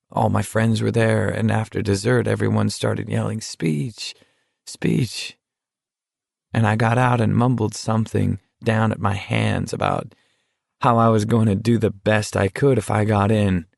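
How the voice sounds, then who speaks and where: A man voicing a confiding teenage boy walker, gravelly. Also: fairly low pitch, no room sound, clean studio sound. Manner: confiding, rambling, quietly hurt. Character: teenage boy on a deadly endurance walk, earnest.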